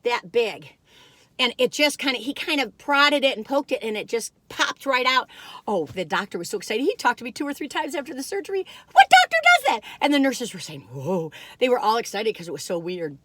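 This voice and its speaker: A woman's voice: a little high, fairly bright tone, no room sound. An older woman, chatting casually and rambling to viewers while reviewing food in her car.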